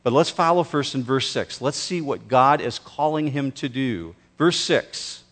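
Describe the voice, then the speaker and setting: A man preaching a sermon as pastor, slow and emphatic, with dramatic pauses. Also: mid-range voice, expressive, a bit bright.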